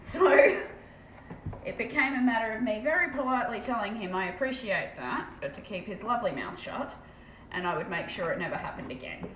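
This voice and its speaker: A woman's voice: a little high, expressive, brisk. Chatty Australian woman in a roomy lo-fi room. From Western Australia. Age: 30s. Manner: chatty, blunt and self-mocking, swears casually. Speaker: hobby painting streamer. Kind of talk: casual live-stream chat. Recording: roomy, dull lo-fi sound with faint background noise.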